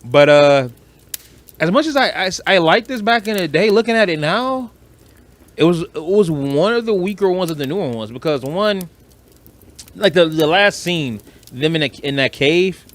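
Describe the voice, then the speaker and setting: A man with a Detroit accent, co-hosting a podcast in casual chat, blunt and animated, swearing freely. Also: sits high, normal speed. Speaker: podcast co-host.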